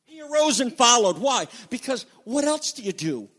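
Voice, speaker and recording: High-voiced preacher in a reverberant hall. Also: male voice, sing-song, normal speed. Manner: emphatic, swings between loud declaring and quiet asides. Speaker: pastor. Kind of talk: sermon. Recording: long reverb of a large hall.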